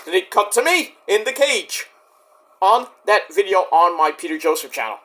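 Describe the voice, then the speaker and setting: A man's voice: sits high, very animated, moderate pace, sharp tone. A man in a vlog ranting straight at his critics, defensive and indignant, swearing and rambling with restarts. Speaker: YouTube wrestling reviewer.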